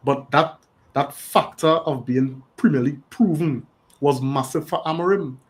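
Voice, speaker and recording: A man's voice: a little high, measured pace, low-quality recording. A man on a fan panel in casual chat over a video call, thinking aloud and checking in with "right?" after his points.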